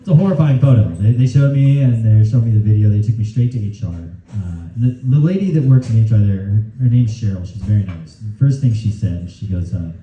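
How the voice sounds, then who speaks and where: A man's voice: lowish voice, animated, fairly quick, hardly any pauses, a little hiss or hum. A young man doing a stand-up set, telling a story in a loose, rowdy way, often laughing mid-line, on a club stage with a handheld mic. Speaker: stand-up comedian. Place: comedy club stage, live audience. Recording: roomy, distant, dull club recording.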